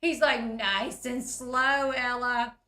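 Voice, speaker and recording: A woman's voice: on the high side, steady tone, slow pace, pushed and bright, roomy sound. A woman, retelling reality TV scenes in a chatty, giggly way and acting out the quotes. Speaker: recap host. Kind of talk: casual reality TV recap.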